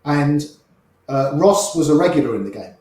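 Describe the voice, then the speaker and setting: An older man tells long, lively anecdotes as an interview guest, slipping into the voices of the people in his stories. His voice sits a little high for a man. The sound carries a strong, ringing echo from the room. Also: normal speed. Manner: lively raconteur, acts out quoted voices. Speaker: interview guest, poker player. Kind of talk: anecdotal storytelling.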